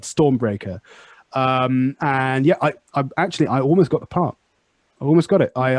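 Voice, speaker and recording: A man's voice: medium pitch, a little mellow, no echo, clean studio sound. A young British man speaking standard southern British English, chatting casually as a podcast host, with many fillers and restarts. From United Kingdom. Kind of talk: casual conversation.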